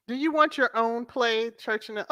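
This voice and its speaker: A woman's voice: fairly high pitch, fairly bright tone, dry recording. A woman hosting a casual livestream, chatting affectionately with viewers and breaking into laughter often. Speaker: host of a royal-news channel.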